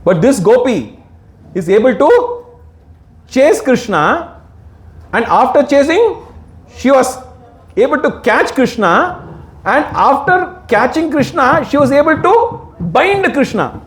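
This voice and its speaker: A man's voice: very high-pitched, sing-song, slow, reverberant. A man giving a devotional sermon, asking the audience questions and answering them himself. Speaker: devotional speaker.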